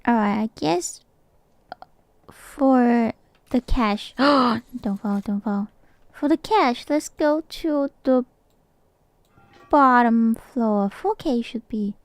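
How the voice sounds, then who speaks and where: A female streamer who isn't a native English speaker chats playfully and laughs a lot as she gives casual commentary on a game. Her voice is fairly high in pitch, and the recording is dry.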